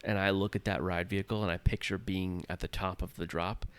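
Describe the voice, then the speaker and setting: On a podcast he co-hosts, a man in his thirties spins a long, casual tale, voicing his own frightened remarks as quoted lines with lively energy. He speaks fairly quickly in a low-sitting voice, with a clean tone and no echo.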